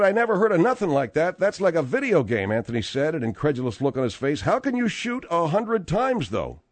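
A man hosting a sports talk radio show, bantering with his co-hosts and reading out the news in an animated, rambling way. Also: fairly high pitch, no echo. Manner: animated, rambling, with frequent restarts.

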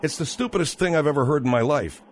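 Radio host guy, sarcastic and fed up, lively voice, faint noise behind. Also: fairly high pitch, fast talker. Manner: exasperated, sarcastic. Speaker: radio talk show host. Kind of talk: call-in radio.

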